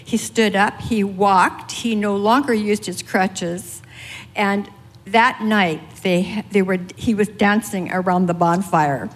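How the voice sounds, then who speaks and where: A woman telling a personal testimony as an interview guest, earnest and halting. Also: medium pitch, fairly even intonation. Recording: long hall reverb.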